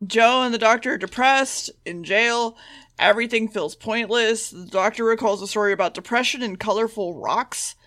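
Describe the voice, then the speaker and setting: A woman's voice: a little high, a bit bright. A woman co-hosting a podcast who recaps an episode's plot flippantly and with swearing. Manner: flippant, sweary recap with quick voiced quotes. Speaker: podcast co-host.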